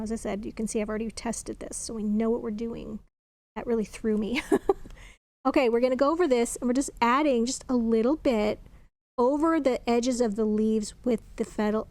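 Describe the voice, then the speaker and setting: Woman, crafting tutorial host, slightly high voice, chatty and thinking aloud while she works. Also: darkish tone. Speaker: craft demonstrator.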